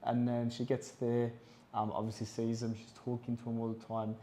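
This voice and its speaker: This man, co-hosting a podcast, speaks at an ordinary speed with a mid-range pitch. The talk is loose and casual, and he animates his anecdotes by performing the lines people said.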